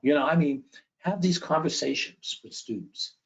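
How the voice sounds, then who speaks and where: A man giving an educational presentation with slides, conversational and often checking in with a quick "okay?". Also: a little high, creaky. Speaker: education speaker. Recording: dull lo-fi recording.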